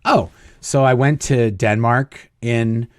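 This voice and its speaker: A man's voice: medium pitch, fairly even intonation, slow, no echo, studio quality. A middle-aged man casually telling a long personal story in an interview, acting out the dialogue of the people in it. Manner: rambling anecdotes, acting out quoted dialogue. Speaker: guest telling his story.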